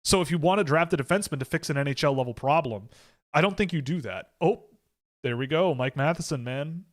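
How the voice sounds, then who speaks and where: A man's voice: fairly high pitch, fairly quick. A man hosting a casual live stream about hockey, talking in a rambling way and often correcting himself with lots of fillers.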